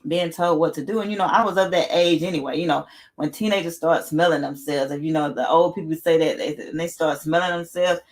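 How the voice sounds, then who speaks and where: Blunt, laughing woman livestream host. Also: on the low side. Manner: blunt, laughs often, repeats herself, swears casually. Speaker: livestream host reading chat. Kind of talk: casual livestream chat.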